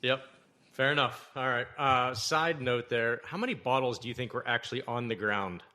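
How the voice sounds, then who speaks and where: Host: man, mid pitch, bright and crisp, easygoing questions. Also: moderate pace. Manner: short affirmations, easygoing questions. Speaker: podcast host. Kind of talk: casual interview.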